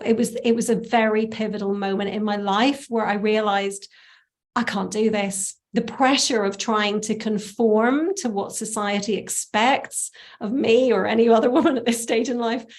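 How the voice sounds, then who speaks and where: A woman, a stylist, telling a personal story in conversation, animated and laughing often. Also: fairly high pitch. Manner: animated, laughs often, acts out quoted voices. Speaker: stylist, interview guest.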